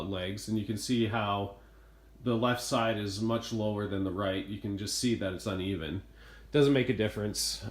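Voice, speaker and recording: A man filming at home, retelling a bad repair visit in an exasperated, hurried rant. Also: on the low side. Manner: exasperated, retelling events in a rush. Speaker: homeowner reviewing appliances. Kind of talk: ranting home video complaint. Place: inside a home kitchen.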